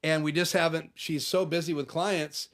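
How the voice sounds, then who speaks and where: A man with a voice a touch higher than usual hosts a relaxed live stream from his home office. He talks in a loose, chatty way, reading out viewer comments and answering each one. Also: moderate pace. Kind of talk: casual live stream chat.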